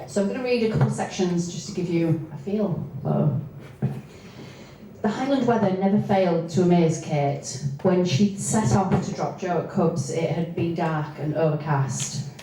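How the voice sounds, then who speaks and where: A woman reading from her own novel, with hesitant spoken asides between steady passages. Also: fairly low pitch, moderate pace. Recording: echoey room, distant mic, faint noise.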